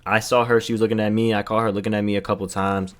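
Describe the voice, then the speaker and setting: A man's voice: on the low side, level tone, racing. A young man streaming, telling rambling, slangy, profane stories in casual chat.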